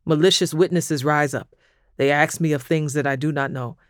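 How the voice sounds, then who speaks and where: A man giving a scripted Bible reading in a measured, even, solemn delivery. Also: fairly high pitch, dry recording, clean studio sound. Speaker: scripture reader.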